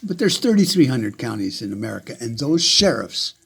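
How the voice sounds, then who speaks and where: A man's voice: medium pitch, very animated, a little fast, creaky, fairly bright tone, breathy edge. A man ranting angrily to camera with heavy swearing, often repeating words and restarting sentences. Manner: profane and heated. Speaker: vlogger. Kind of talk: angry rant to camera.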